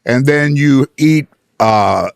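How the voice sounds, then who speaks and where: A man guesting on a talk show, telling a comic anecdote with animated, profane energy, laughing often. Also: medium pitch, takes it slowly, vocal fry, clean tone, dry recording, clean studio sound. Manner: animated, profane, laughing, mimics others' voices. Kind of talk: comedic anecdote storytelling.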